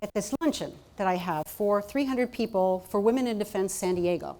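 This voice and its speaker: A woman giving a storytelling talk at a conference, animated and acting out the voices of people in her anecdotes. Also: medium pitch, moderate pace. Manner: animated, acts out quoted voices. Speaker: keynote speaker. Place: conference hall.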